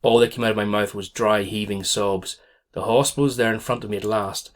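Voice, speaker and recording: A man's voice: fairly low pitch, fairly even intonation, fairly quick. A man narrating a first-person story aloud as an audiobook reader, in a tense, dramatic way.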